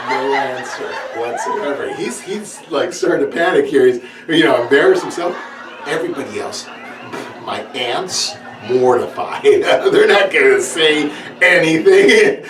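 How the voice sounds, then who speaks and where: A man doing stand-up comedy, telling a story, laughing as he goes and putting on high voices. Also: sing-song, a little slow, a bit bright. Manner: laughs through his own story, acts out characters in high voices. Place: stage with audience. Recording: roomy, distant mic, noisy.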